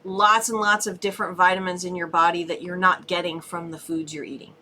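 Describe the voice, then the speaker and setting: A woman's voice: lowish voice, little pitch movement, brisk, sharp tone. A middle-aged woman co-hosting a homesteading channel, chatting casually and reading viewer questions aloud. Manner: conversational, interjecting with short agreements.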